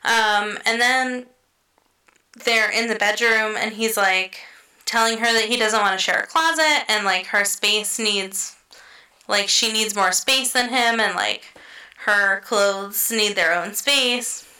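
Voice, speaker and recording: A woman's voice: medium pitch, slow, pushed and bright, rough recording. A young woman casually recapping a show in a chatty, filler-heavy way, swearing now and then and laughing often. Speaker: podcast co-host recapping a show. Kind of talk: casual chat.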